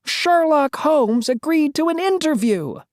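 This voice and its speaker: A woman voicing an excitable young woman reporter in a children's storybook read-aloud, shrill and exclaiming. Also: measured pace, dry recording, clean studio sound. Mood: excited.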